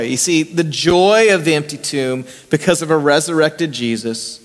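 A man in middle age delivers a sermon in a fairly high voice for a man. He swings from raised, stressed lines down to quiet, hushed passages. His voice rings with the long reverb of a church hall. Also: moderate pace, hardly any pauses. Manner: preaching with big swings between raised emphasis and hushed, soft passages. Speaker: pastor. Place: church sanctuary.

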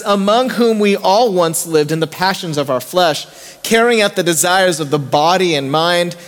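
A man's voice: high voice, fairly bright tone. A man preaching a conversational sermon as pastor, often asking the congregation rhetorical questions. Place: church sanctuary. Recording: long reverb in a church hall.

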